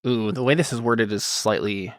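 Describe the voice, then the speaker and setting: A man running a tabletop role-playing game as game master, talking casually with many fillers and quick laughs. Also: medium pitch, no room sound, studio quality. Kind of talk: narrating a tabletop game over a stream.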